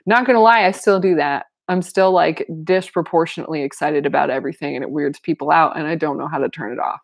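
Lower-voiced woman reading with chatty asides. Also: fast talker, vocal fry. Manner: animated, laughs often, chatty asides. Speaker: reader and commentator. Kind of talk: reading a novel aloud with casual commentary.

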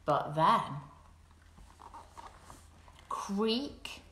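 A woman, reading a picture book aloud on a live stream for young children. She is animated and drops into soft whispers and squeaky sound effects. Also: extremely slow, slight background noise. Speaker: children's storyteller. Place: home kitchen. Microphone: camera set up in front of her. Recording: roomy home room echo.

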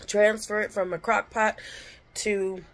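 A woman's voice: medium pitch, little pitch movement, takes it slowly, fairly bright tone, faint music behind. A woman chatting bluntly in a casual home vlog from her kitchen, swearing freely and talking with her lips barely open. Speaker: vlogger.

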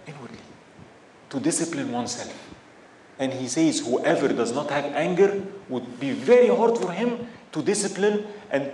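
A man giving a religious lecture, impassioned and full of rhetorical questions that build to emphatic outbursts. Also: a little high. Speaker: Islamic lecturer. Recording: echoey room with faint background noise.

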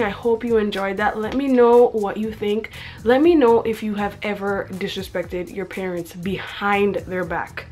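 A young woman reading her teenage diary aloud, breaking off for chatty, self-mocking asides and frequent giggles. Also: medium pitch. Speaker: vlogger.

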